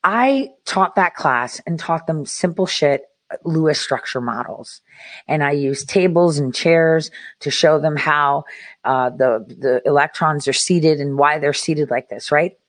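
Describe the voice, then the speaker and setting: A woman's voice: deep voice, a little slow, no room sound. A woman talking straight to her viewers in a blunt, profane rant, full of restarts and repeated words. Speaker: parent speaking to viewers. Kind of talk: casual monologue to viewers.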